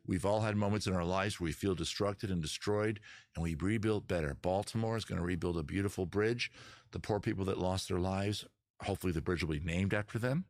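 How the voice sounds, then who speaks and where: Chatty emphatic man, low voice. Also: a little fast, dry recording, clean studio sound. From Maryland. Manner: chatty, emphatic, swears casually. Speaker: host. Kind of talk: casual livestream chat.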